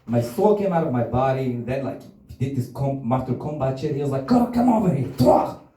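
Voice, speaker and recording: Rambling, crude comedian in a roomy room. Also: male voice, mid-range voice, expressive, fairly quick, mellow. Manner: crude, rambling, laughs at own jokes. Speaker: stand-up comedian. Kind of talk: stand-up comedy set. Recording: roomy, from a distance.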